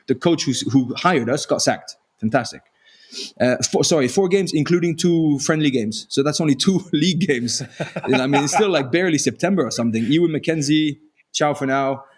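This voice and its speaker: A man with a French accent, a former rugby player and podcast guest, telling self-deprecating stories in animated casual chat. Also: mid-range voice, husky. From France. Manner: self-deprecating, animated storyteller with frequent restarts.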